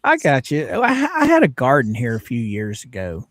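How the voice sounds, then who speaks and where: Folksy man with lively pitch. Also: fairly quick, no echo, studio quality. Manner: folksy, greets viewers by name. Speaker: livestream host. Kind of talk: casual livestream chat.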